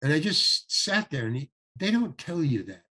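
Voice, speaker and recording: An older man, a guest actor, telling a story in a podcast interview, acting out the people he quotes and stumbling over restarts. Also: on the high side. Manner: animated anecdote with acted-out quotes, halting restarts.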